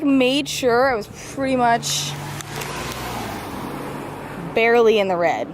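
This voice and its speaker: A woman's voice: on the high side, animated, slow, pauses often, background noise. A woman in her twenties, a fitness vlogger, chatting upbeat and casual to camera on a handheld camera mic. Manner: upbeat, chatty, talks to viewers directly. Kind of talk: casual vlog chat to camera.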